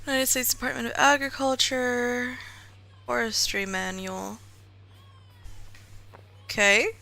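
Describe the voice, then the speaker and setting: A woman's voice: fairly high pitch, little pitch movement, takes it slowly, creaky, sharp tone. A woman, chatting casually and playfully as she streams a game. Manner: chatty, playful, talks to herself. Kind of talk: casual gaming commentary.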